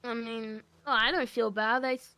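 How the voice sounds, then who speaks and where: Young woman, bright and higher-pitched, giggly and teasing in casual game chat. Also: steady tone, moderate pace, clear, resonant tone, no room sound. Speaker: roleplay player. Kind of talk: casual in-character roleplay chat.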